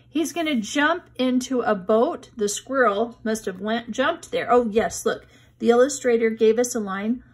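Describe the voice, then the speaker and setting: A woman with a slightly high voice gives a children's reading lesson, speaking slowly and patiently to young kids. She goes over words and walks them through a picture book in a friendly teacher's manner.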